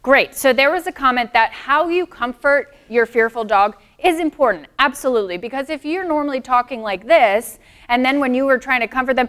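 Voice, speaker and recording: A woman's voice: sits high, lively intonation, a little fast, fairly bright tone. A woman dog trainer presenting a live seminar, explaining things in a friendly way and answering comments from the audience.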